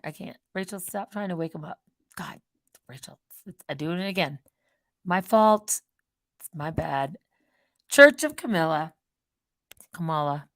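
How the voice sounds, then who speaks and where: A woman hosting her own channel, rambling in a casual monologue that swings between loud outbursts and quiet muttered asides. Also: mid-range voice, no room sound, studio quality. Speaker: channel host.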